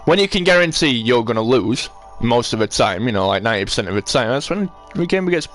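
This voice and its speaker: A man's voice: mid-range voice, lively intonation, brisk, a bit bright, soft background music. A man with a Sheffield accent, a livestreamer ranting at his chat, swearing and repeating himself. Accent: Sheffield English. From Sheffield, England. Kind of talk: angry rant to live chat.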